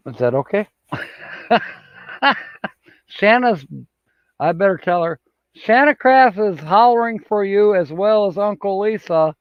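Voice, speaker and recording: A man's voice: high voice, animated, takes it slowly, long pauses, smooth, no room sound, highs cut off. A man hosting a casual livestream, reading out viewer comments and chuckling often as he rambles along. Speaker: livestream host. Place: home studio with green screen.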